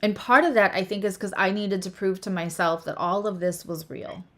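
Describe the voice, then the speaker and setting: Animated woman astrologer chatting. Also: medium pitch, moderate pace. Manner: animated and emphatic, restarts phrases. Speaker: astrologer and tarot reader hosting a conversation. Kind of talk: casual spiritual chat.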